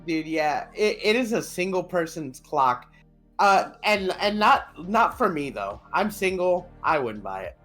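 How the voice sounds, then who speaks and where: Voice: medium pitch, very animated, a little slow, fairly bright tone, faint music behind. Laid-back podcast co-host chiming in. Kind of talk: casual chat.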